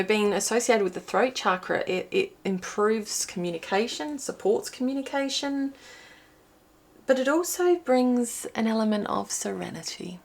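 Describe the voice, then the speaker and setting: A gravelly, mid-range female voice belongs to an intuitive card reader who records herself in front of a small screen. She chats her way through a pick-a-card reading for viewers, reasoning aloud as she draws.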